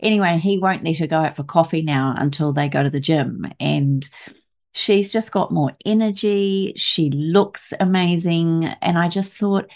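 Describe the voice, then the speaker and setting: Woman, host, low voice, long winding questions, casual chat. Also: unhurried, a little mellow.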